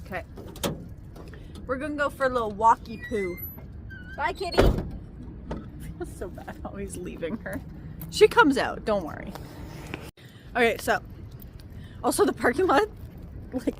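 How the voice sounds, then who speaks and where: A woman's voice: fairly high pitch, very animated, moderate pace, long pauses, a little hiss or hum. A young woman chatting candidly to camera about her life in a camper van, with frequent fillers and asides. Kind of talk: casual vlog chat to camera. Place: in and around a parked camper van. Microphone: camera on a tripod.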